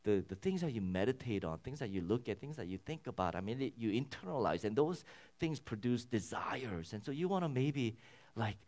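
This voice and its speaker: Man preaching, lively rising and falling pitch, earnest and emphatic, drops to a near hush at times. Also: fairly quick. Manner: earnest, swings between loud emphatic peaks and soft low passages. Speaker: pastor. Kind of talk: sermon.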